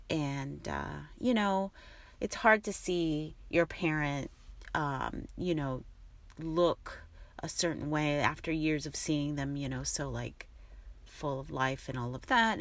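A middle-aged woman talking in a soft, rambling, reflective way, with many fillers. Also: sits low, no echo. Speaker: vlogger. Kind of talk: reflective casual monologue.

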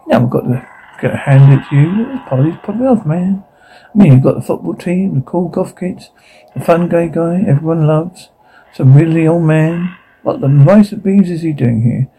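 A brash young party schemer. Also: male voice, a little high, animated, normal speed, dark tone, slight background noise, poor audio. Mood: scheming. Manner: crude, swaggering banter.

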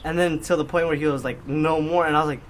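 A man's voice: on the high side, fast talker, slight background noise. A young man telling a story in casual podcast chat, acting out the quoted lines. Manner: animated, acts out quoted lines. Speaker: podcast host.

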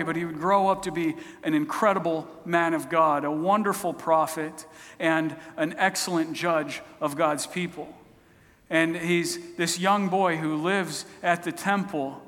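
A man's voice: high voice, fairly bright tone. A man preaching a sermon, retelling stories in a conversational, storytelling way. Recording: long hall reverb.

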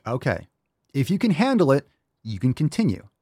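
A man's voice: mid-range voice, wildly swooping pitch, normal speed, warm tone, husky, no room sound, clean studio sound. A man hosting a fitness podcast, ranting bluntly and preachily with plenty of swearing. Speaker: podcast host. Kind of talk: opinionated fitness podcast rant.

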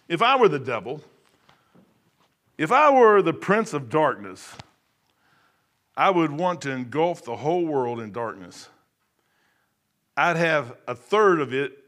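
A man's voice: medium pitch, a bit bright. A man preaching an informal sermon in an emphatic, conversational way, often repeating and restarting his words.

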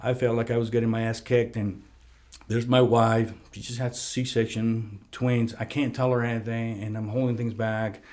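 A man hosting a casual talk, telling a personal story in a conference room, lively when he quotes other people. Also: mid-range voice, normal speed. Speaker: podcast host. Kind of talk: casual conversation. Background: heater running.

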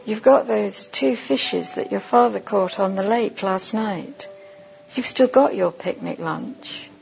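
A woman giving a sermon at a conference, leading listeners through a vivid imagined story in a slow, deliberate second-person voice. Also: medium pitch, vocal fry, a little mellow, faint music behind, poor audio. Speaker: conference speaker.

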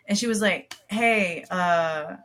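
A young woman co-hosts a podcast, telling stories in a relaxed chat full of fillers and frequent laughter. Her voice is lowish and a bit bright, and she speaks slowly.

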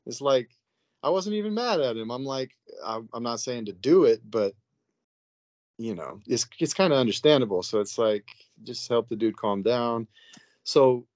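Man, interview guest, low voice, casual rambling storyteller, dry lo-fi recording. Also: dry recording. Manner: loose and conversational, with frequent "like" and "you know". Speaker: interview guest, psychiatric nurse. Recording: dull, dry, lo-fi sound.

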